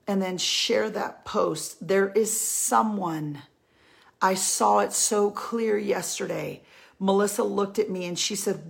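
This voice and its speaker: A woman's voice: medium pitch, steady tone, takes it slowly, vocal fry. A woman giving a heartfelt faith talk to her women followers, earnest and pleading, repeating her key lines for emphasis. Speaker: Christian women's encourager.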